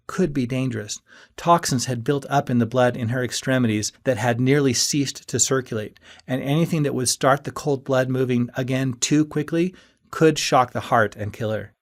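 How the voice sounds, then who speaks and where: A man reading a first-person audiobook in a steady storytelling manner that rises with moments of tension. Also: medium pitch. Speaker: audiobook narrator.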